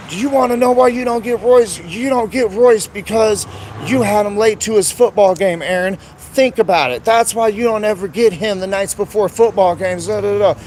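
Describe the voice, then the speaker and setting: A man's voice: high-pitched, normal speed, darkish tone, a little hiss or hum, pitched above the performer's own voice, natural voice. A man putting on the voice of a scolding, accusing young woman, the co-parent of his son, in a mocking tone.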